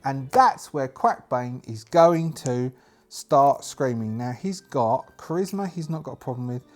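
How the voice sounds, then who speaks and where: A man narrating a solo tabletop game, talking out loud through his dice rolls and the rules in a chatty manner. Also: mid-range voice, lively intonation, measured pace. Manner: chatty, thinks aloud over dice rolls.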